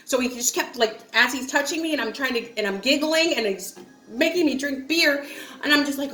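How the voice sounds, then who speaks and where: A bright, fairly high-voiced woman from upstate New York tells a personal story straight to camera. She is chatty and giggly, and she keeps breaking into quoted lines full of likes and ums. The sound is roomy, with echo off hard walls. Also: brisk. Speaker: vlogger.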